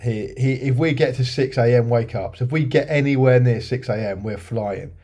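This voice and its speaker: A man in his thirties co-hosting a laid-back podcast, spinning anecdotes at an ordinary, middle pitch. He drops into little voices whenever he quotes someone, then settles back into easy chat. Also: normal speed, warm tone. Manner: anecdotal storyteller, puts on voices when quoting people. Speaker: podcast co-host. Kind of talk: casual chat.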